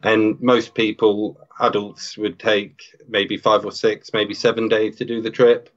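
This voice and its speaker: A man with a fairly low voice explains things in a calm, matter-of-fact way as a podcast guest. His sound is dull and a bit lo-fi. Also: a little slow. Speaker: guest, hiking father. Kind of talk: interview.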